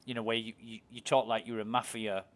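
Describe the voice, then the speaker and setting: A chatty English man with an English accent, rambling through stories as he streams a game. He swears freely and laughs easily, and his voice sits at an ordinary middle pitch. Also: flat delivery, fairly quick. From England. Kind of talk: casual chat while gaming.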